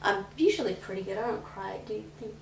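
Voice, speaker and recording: A woman's voice: mid-range voice, expressive, fast, vocal fry. A woman being interviewed, earnestly recounting a hard, emotional memory. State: pregnant. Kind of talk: emotional personal account. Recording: echoey room with faint noise.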